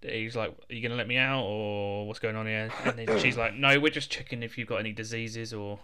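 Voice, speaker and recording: A man's voice: lowish voice, fairly quick, noisy background. A man, co-hosting a casual film chat, laid-back and jokey as he quotes the characters. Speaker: podcast co-host.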